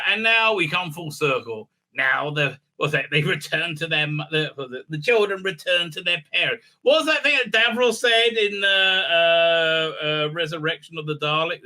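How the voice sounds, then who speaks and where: Male commentator, sarcastic and rambling, very bright voice, slightly high pitch. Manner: rambling, sarcastic, many fillers and restarts. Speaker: video commentator. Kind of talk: casual solo commentary.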